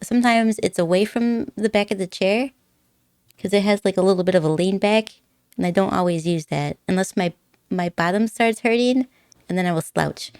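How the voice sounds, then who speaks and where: A woman's voice: medium pitch, normal speed, darkish tone, clear, resonant tone, no echo. A young woman chats with her viewers in a giggly, rambling way, often breaking into laughter as she talks. Her voice comes through close and dry on a desk microphone, with a nervous edge under the chatter. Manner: giggly, chatty, rambling, puts on silly accents. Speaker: streamer. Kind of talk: casual chat with viewers.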